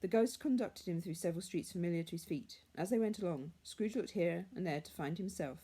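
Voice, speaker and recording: A woman reading a classic story aloud in a measured, hushed manner. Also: fairly low pitch, husky. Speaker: reader.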